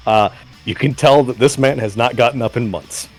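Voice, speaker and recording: A man running a tabletop game as game master, laid-back, laughing often and slipping into quick character voices. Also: mid-range voice, soft background music.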